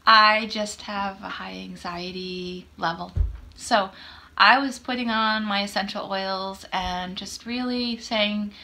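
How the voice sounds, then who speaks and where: A woman's voice: mid-range voice, steady tone, takes it slowly, creaky, bright, forceful tone. A woman in her fifties hosting a podcast, telling a personal story in a chatty, self-deprecating way and acting out the dialogue. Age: 50s. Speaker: podcast host. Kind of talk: casual storytelling chat.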